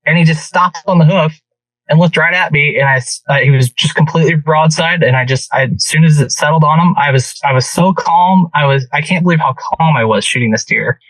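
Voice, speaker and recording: A man on a podcast telling a hunting story in an animated, casual way, with many restarts. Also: fairly high pitch, brisk, distant mic, rough recording. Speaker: podcast guest.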